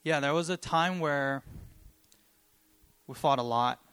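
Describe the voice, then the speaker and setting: A young man giving a sermon and sharing a personal story, talking earnestly and haltingly with many pauses, choked up with emotion. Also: fairly high pitch, a bit bright, clean tone. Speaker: preacher.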